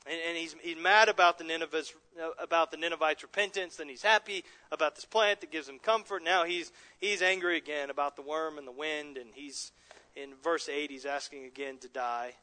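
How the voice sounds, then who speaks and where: A man delivers a sermon to his congregation in a voice that sits a little high and sounds bright and forward. He is earnest and conversational, restarting phrases and chuckling softly now and then as he explains the text. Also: a little fast. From Southern California. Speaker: pastor.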